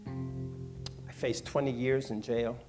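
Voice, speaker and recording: An older man from Washington, D.C., recalling his past in a measured, reflective way. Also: medium pitch, level tone, music in the background. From Washington, D.C., USA. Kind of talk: personal recollection.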